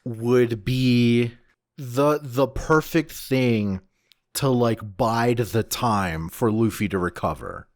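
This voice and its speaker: Slow-talking man co-hosting a podcast. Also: mid-range voice, dry recording, studio quality. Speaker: podcast co-host. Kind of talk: casual chat.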